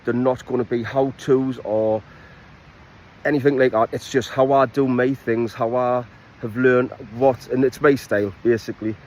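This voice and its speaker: A man with a broad Geordie accent talks casually at a middle pitch, introducing his outdoors vlog. He pauses often with ums and rephrases as he goes. It sounds like a plain phone recording. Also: low-quality recording. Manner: relaxed, with frequent ums and restarts. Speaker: falconry and bushcraft instructor. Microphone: iPhone.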